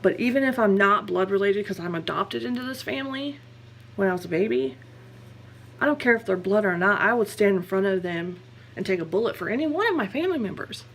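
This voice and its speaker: A woman's voice: mid-range voice, expressive, fairly quick, creaky. A young woman talks candidly in a personal vlog. She rambles and corrects herself. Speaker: vlogger.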